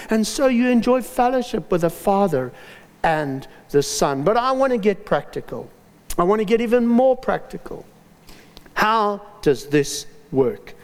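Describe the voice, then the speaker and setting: A man preaching a sermon, telling personal stories with dramatic pauses and lively emphasis. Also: sits high, long reverb tail.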